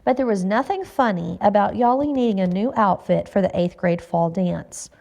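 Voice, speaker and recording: Mellow woman reading a story aloud. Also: medium pitch, moderate pace, vocal fry. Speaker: narrator.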